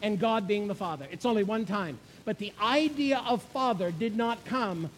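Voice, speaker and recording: A man's voice: high voice, moderate pace, slight background noise, poor audio. A man preaching a sermon, emphatic, repeating key phrases and putting questions to his listeners.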